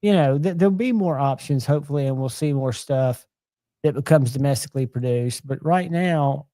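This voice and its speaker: A man's voice: medium pitch, normal speed, warm tone, dry recording. A man, chatting casually and enthusiastically as host of a live knife show.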